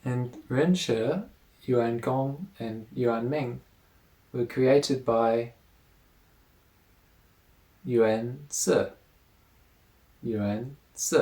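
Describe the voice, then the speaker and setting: A man giving a calm pronunciation lesson on video. He speaks slowly, at a mid pitch, and repeats each word so the listener can say it along with him. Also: rough recording. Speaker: teacher.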